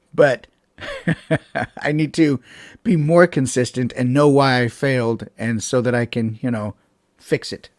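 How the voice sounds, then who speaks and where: A man's voice: medium pitch, a little mellow, dry recording. Guy rambling to his stream viewers on a webcam, lots of ums and laughs, dry close sound. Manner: rambling, laughs often, many fillers and restarts. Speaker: channel host chatting with live viewers. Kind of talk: casual live-stream chat.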